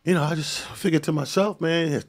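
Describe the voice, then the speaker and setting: A male comedian telling a story on a podcast in an animated, profane way, acting out the dialogue. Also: fairly high pitch, a little fast. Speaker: comedian guest.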